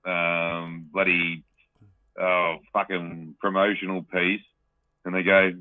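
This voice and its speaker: A man's voice: low voice, normal speed, no room sound. Swearing man on a tinny line. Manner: swears a lot, rambling, animated. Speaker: podcast co-host. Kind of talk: casual chat. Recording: tinny dry phone-like line.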